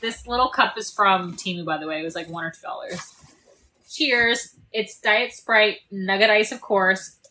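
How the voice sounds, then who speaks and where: A woman's voice: mid-range voice, normal speed, bright, forceful tone, rough recording. A woman in her twenties, chatty and laughing often as she chats on a live stream, her voice a little worn. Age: 20s. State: losing her voice. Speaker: TikTok live streamer and landlord. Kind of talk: casual live-stream chat. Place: parked RV at a state park.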